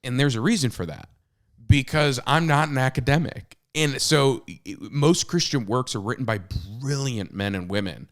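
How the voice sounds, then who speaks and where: Speaking at normal speed in a mid-range voice, a man in his thirties co-hosts a podcast and is also an author. His casual conversation is candid and self-deprecating, with stories full of fillers and restarts.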